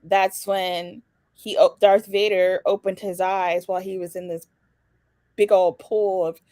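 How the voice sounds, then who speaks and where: A woman's voice: medium pitch, flat delivery, measured pace, darkish tone, dry recording. Frank woman podcast co-host, dry sound. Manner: frank, laughs a lot, short backchannels. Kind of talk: casual chat.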